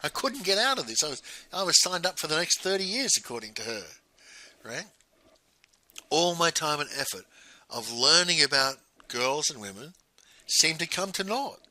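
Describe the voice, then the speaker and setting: A middle-aged man talks bluntly in a very sharp, forceful voice that swings widely in pitch. He coaches through a recorded monologue and keeps checking in with a quick "right?". The sound is dry and close. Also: big pitch swings, no room sound, low-quality recording. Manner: blunt, ends points with "right?". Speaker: business coach.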